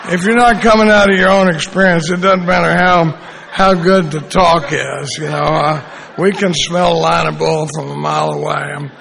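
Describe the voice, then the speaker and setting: Gravelly high-voiced man in his sixties. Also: steady tone, moderate pace, a bit bright, a little hiss or hum. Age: 60s. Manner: folksy, rambling with frequent restarts. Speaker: recovery meeting speaker. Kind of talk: conference talk with storytelling. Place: convention room at a regional gathering.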